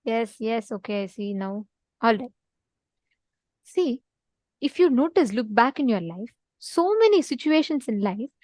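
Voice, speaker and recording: A woman giving a spiritual talk to an online audience, earnest and repetitive, pressing her listeners to respond. Her voice sits high, and the recording is dry and close, with no room sound. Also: darkish tone, no room sound. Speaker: spiritual teacher in an online session.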